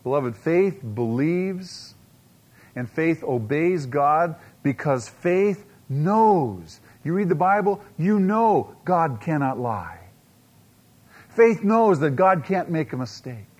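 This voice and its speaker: A man preaching a sermon to a congregation, pressing his points with rhetorical questions, dramatic slow-downs and quiet asides. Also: on the high side, lively intonation. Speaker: pastor.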